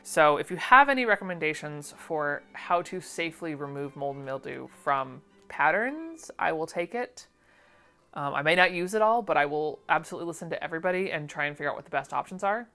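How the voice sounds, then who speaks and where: A woman's voice: low voice, expressive, a little fast, sharp tone, soft background music. A woman chatting casually through an unboxing, gushing and often trailing off mid-phrase. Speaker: vintage sewing pattern collector.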